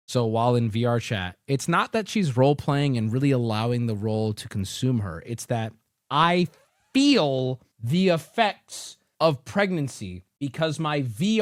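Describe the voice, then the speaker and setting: A man's voice: medium pitch, very animated, normal speed, dry recording, clean studio sound. A man hosting a stream, giving crude, joking reaction commentary. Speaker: streamer host.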